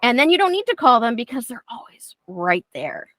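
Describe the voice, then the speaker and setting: A woman's voice: a little high, very animated, a little fast, a bit bright, no room sound. Chatty woman dog trainer, dry sound. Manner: chatty, acts out talking to dogs. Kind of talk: teaching a class.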